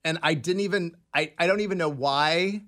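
A man guesting on a radio show, telling self-mocking stories in an animated way. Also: on the high side, moderate pace. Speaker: in-studio guest. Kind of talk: casual radio banter. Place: radio studio.

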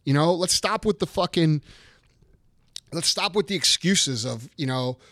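Man, 30s, high pitch, swearing, worked-up casual rant. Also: expressive, measured pace, bright, forceful tone, no echo, clean studio sound. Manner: profane, heated ranting. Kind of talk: casual chat.

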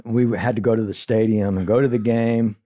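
A songwriter, a man, telling a funny story as a podcast guest and acting out the people in it with raised, shouting voices. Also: fairly low pitch, fairly even intonation, brisk. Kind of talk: animated storytelling.

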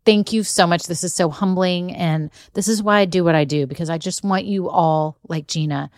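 A woman's voice: lowish voice, normal speed, a little mellow, no room sound. Lady podcast host, bubbly and encouraging, dry close mic. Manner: upbeat, encouraging, chatty. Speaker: podcast host, business coach. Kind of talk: solo podcast talk.

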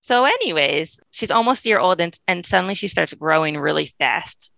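A woman whose voice sits on the low side and has a creaky quality, with no room sound, is being interviewed on a podcast. She's fast and talkative as she shares a long personal story, often laughing and mimicking what others said in lively voices.

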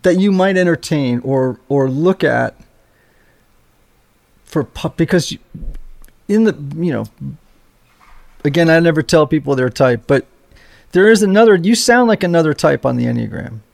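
A male podcast host with a gravelly, fry-edged voice that sits somewhat high. He talks hesitantly in a conversational interview, restarting phrases as he shapes his ideas. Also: lively intonation, moderate pace, long pauses, darkish tone. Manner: hesitant, restarts phrases while forming thoughts.

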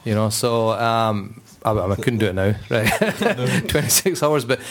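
A man's voice: mid-range voice, measured pace, crowd noise. A man, an Islamic scholar, telling personal anecdotes on a panel and acting out the voices of the people in them. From Britain. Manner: animated, acts out voices in stories. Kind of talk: anecdotal storytelling.

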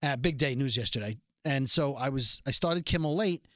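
Bright, rambling male podcast host. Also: mid-range voice, moderate pace, dry recording, studio quality. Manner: rambling, self-correcting storyteller. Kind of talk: casual chat.

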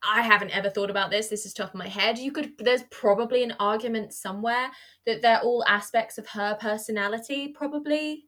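A woman in casual chat as a podcast host, lively and acting out scenes in loud put-on voices. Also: on the high side, a little fast.

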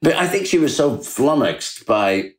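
A man's voice: measured pace, background noise. A middle-aged man, a guest on an interview, telling a story in a chatty way and acting out the quoted voices. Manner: animated anecdote-telling, acting out quoted dialogue with big jumps in pitch. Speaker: author and guest.

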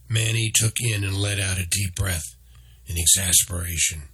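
A man with a husky voice reading a children's storybook aloud in a slow, even way. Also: low voice. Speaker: narrator. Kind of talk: storybook narration.

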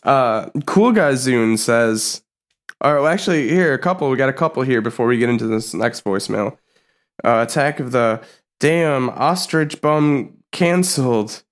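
A man's voice: medium pitch, expressive, normal speed. A young man co-hosting a comedy podcast, playful and mock-indignant, often laughing. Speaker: podcast co-host. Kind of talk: casual comedy chat.

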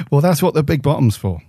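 Mellow-voiced man hosting a podcast. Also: a little high, big pitch swings, moderate pace, slightly rough, no echo, studio quality. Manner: laid-back, chatty, lots of fillers. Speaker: podcast co-host. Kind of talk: casual podcast chat. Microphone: studio podcast mic.

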